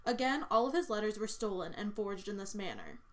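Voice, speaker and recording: A woman narrating a medieval tale in an audiobook, telling the story in a measured, expressive way. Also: mid-range voice.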